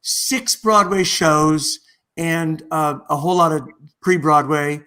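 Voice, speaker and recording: A man's voice: on the high side, takes it slowly. A middle-aged man, a stage actor, telling stories with many restarts over a video call. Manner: lively, animated, rambling with many restarts. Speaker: guest, musical theatre actor. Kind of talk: anecdotal storytelling in a video-call interview.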